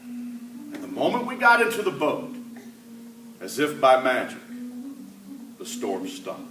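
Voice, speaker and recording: A man playing the apostle Peter, an impulsive fisherman, in a dramatic first-person church monologue. He swings between loud cries and hushed asides. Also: medium pitch, huge pitch swings, slow, background noise. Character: the apostle Peter, a rough, impulsive fisherman telling his story. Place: church sanctuary. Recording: echoey church hall, mic at a distance.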